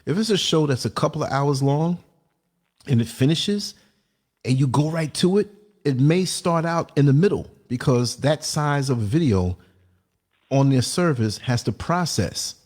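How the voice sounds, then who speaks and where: A man hosting a casual livestream talk show, telling lively stories and often checking in with "you know what I mean". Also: fairly high pitch, normal speed. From United States. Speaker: podcast host.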